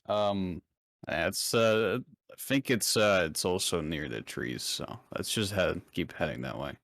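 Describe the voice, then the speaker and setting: Low-voiced man playing a tabletop game. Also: expressive, measured pace, vocal fry, a bit bright, no echo, studio quality. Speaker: player. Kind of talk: casual play chat.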